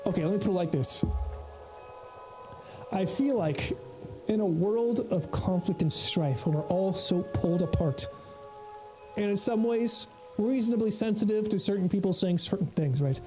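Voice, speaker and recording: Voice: medium pitch, moderate pace, pauses often, music in the background, poor audio. A game streamer chatting casually with viewers while playing, rambling, laughing often and swearing freely. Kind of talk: casual livestream chatter reading chat while gaming.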